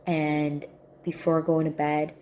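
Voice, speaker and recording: A woman speaks to her viewers in a relaxed, personal way, with a somewhat low voice and a warm, mellow tone. She is earnest and circles back to repeat the points she wants to stress. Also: slow pace, slight background noise. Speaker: spiritual healing coach. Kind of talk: casual personal reflection to camera.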